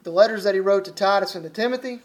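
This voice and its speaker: High-voiced Southern preacher from Alabama. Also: male voice, racing. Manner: folksy, conversational preaching with frequent restarts. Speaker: visiting preacher. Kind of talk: sermon.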